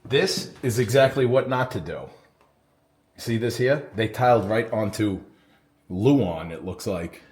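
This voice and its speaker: A man's voice: lowish voice, a little slow. Blunt contractor man in an echoey room. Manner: blunt, swears freely, lively storyteller. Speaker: renovation contractor. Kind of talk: casual on-site chat. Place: old house under renovation, indoors. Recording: echoey room, faint noise.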